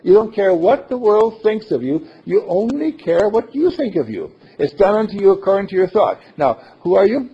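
A man with a very husky, breathy voice delivers a sermon, his pitch swinging widely as he jokes and laughs with his listeners. The recording is dull and lo-fi. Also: normal speed, hardly any pauses. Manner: playful, animated, laughing often. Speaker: minister.

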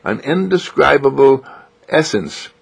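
A man gently guiding listeners through a self-healing exercise, with a coaxing, repetitive manner. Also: mid-range voice, animated, measured pace, creaky, husky. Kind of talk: guided self-healing instruction.

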